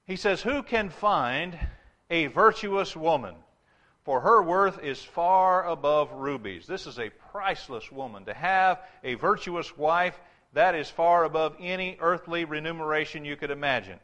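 Male preacher, somewhat high and bright, emphatic and repetitive in his sermon delivery. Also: animated, dull audio. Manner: emphatic, repeats phrases, reads scripture slowly.

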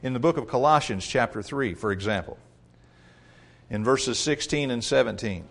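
A man's voice: mid-range voice, moderate pace, gravelly. A man preaching a sermon, emphatic, reading scripture aloud and calling his listeners folks.

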